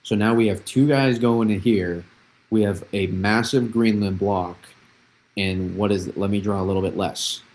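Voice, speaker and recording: A man's voice: on the low side, a little mellow, low-quality recording. A young man hosting a live weather analysis stream, explaining patterns with repeated phrases and frequent restarts. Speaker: weather forecaster, host.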